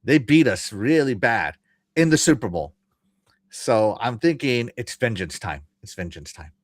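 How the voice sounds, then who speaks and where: A man's voice: mid-range voice, sing-song, measured pace, no room sound, studio quality. A man hosting a podcast, casually chatting and reading chat messages aloud with frequent laughter. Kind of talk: casual live-stream chat.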